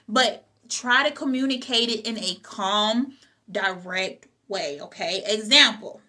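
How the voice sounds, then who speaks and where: Woman giving a pep talk, bright higher voice, says things twice, keeps asking okay?. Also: slow pace. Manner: emphatic, repeats key phrases, asks "okay?". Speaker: host. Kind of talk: motivational talk to viewers.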